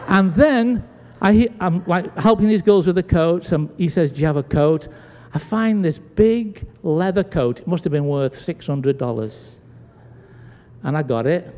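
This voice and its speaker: Speaking at a measured pace in a slightly high voice, this British man is a pastor delivering a sermon. He tells the story with animation, acting out its dialogue, and the church sanctuary adds long hall reverb.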